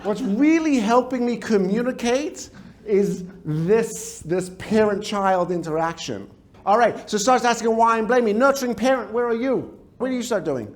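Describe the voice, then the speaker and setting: High-voiced, animated male workshop speaker. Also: moderate pace. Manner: lively storytelling with sound effects and audience questions. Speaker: speaker and trainer.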